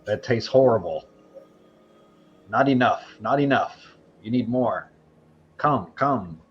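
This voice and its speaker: A man's voice: mid-range voice, expressive, slow pace, dull audio, slight background noise. A man voicing an eccentric old female stargazer who rambles cryptically and repeats herself. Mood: urgent.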